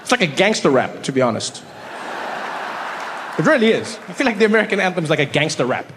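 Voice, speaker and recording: High-voiced comedian on stage. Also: male voice, quick pace, long reverb tail, background noise. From South Africa. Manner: animated storytelling, asking rhetorical questions. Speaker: stand-up comedian. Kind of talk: stand-up comedy. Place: comedy stage before a live audience.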